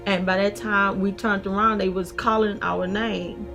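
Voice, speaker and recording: A woman's voice: mid-range voice, little pitch movement, unhurried, over music. A middle-aged woman, telling her story in a documentary interview and acting out what people said. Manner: vivid retelling, acting out past dialogue. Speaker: interviewee, mother of a shooting victim.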